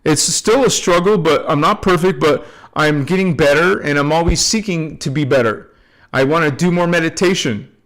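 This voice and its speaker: A man hosting a spiritual channel, talking loosely to his viewers and closing with soft blessings and affirmations. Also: fairly high pitch. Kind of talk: casual spiritual talk to camera.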